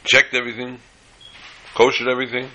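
A man telling a folk story in an animated way, slipping in Yiddish phrases. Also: medium pitch, a little fast, a little hiss or hum, poor audio.

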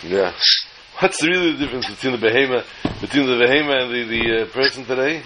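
A man's voice: mid-range voice, quick pace, very noisy. A man teaching a Torah class, telling a long joke in a chatty, joking way and often repeating words. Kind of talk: storytelling lecture.

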